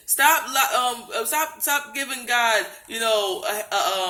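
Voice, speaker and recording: Speaking slowly with few pauses, a woman with a fairly high, sharp and animated voice shares a religious dream in a roomy-sounding space. This emotional vlog testimony finds her close to tears, heart racing. She is earnest and pleading, repeating herself with many restarts.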